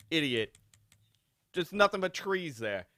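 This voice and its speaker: Animated, joking man with a lively voice. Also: fairly high pitch, takes it slowly, no room sound, clean studio sound. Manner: animated, joking storyteller who laughs often. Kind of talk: casual chat.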